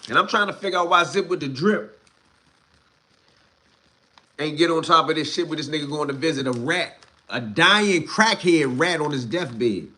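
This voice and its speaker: A man's voice: normal speed, long pauses, sharp tone. Blunt, heated man ranting on a livestream. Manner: blunt, heavy swearing, street slang; heated, rises in pitch when worked up. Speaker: livestream host.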